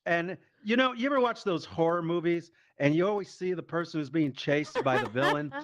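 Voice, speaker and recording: A man tells a stand-up story with a voice that sits a little on the high side. He is animated and profane, and he slips into the voices of the people he quotes. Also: brisk, dry recording. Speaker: stand-up comedian. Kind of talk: stand-up storytelling in a VR comedy show.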